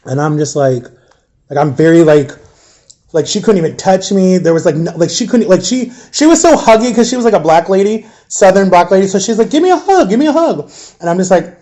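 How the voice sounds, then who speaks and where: Shaken man with a mellow, halting voice. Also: high voice. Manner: halting, full of fillers and restarts; emotionally shaken, subdued. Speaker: storyteller recounting a personal ordeal. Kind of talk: candid personal account.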